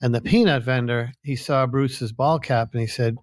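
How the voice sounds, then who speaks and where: A man talks in a relaxed, anecdotal way on a business podcast. His pitch sits in the middle, and the recording is dry and close. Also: moderate pace, no echo. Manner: chatty, anecdotal, easygoing. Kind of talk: casual storytelling chat.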